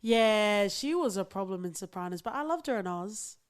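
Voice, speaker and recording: A woman's voice: medium pitch, expressive, moderate pace, clean tone. A woman co-hosting a podcast in casual chat, talking with lots of fillers and small laughs. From outside the United States. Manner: chatty, many fillers and giggles. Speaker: podcast co-host.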